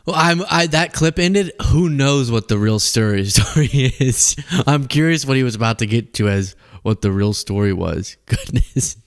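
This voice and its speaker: A man's voice: medium pitch, lively intonation, moderate pace, few pauses. A man hosting a political commentary podcast, talking casually, laughing often and mocking playfully.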